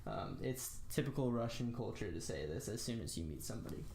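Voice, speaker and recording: A young American man giving a casual spoken language lesson, slowly demonstrating phrases with lots of "uh" and "um". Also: on the low side, animated, a little mellow, roomy sound, slight background noise. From United States. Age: young adult. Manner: slow, careful demonstration of phrases with frequent fillers. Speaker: language tutor.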